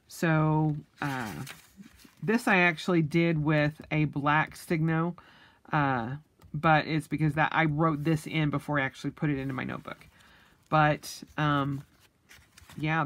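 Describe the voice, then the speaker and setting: A young adult woman chatting casually as a vlogger, full of ums and restarts, with the hiccups. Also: low voice. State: has the hiccups. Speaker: planner vlogger. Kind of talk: casual flip-through chat.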